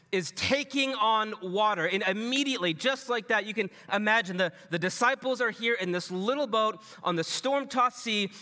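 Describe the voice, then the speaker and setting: A man preaching a sermon in a loose, conversational way, often dropping his voice low and soft for emphasis. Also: long reverb tail. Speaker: pastor.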